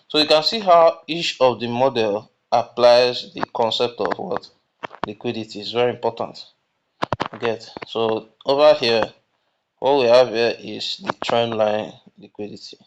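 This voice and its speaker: Male instructor with a lo-fi, noisy mic, keeps checking "you get?". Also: mid-range voice. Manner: asks questions and answers them himself. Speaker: trading instructor. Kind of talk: screen-recorded lesson. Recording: muffled lo-fi mic with background noise.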